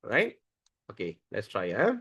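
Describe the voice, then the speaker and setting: Slow patient man teaching online. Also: lowish voice, wildly swooping pitch, fairly bright tone, breathy edge. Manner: slow, patient, coaching Sanskrit pronunciation syllable by syllable. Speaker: scripture class teacher. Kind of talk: online scripture class over video call. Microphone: video call.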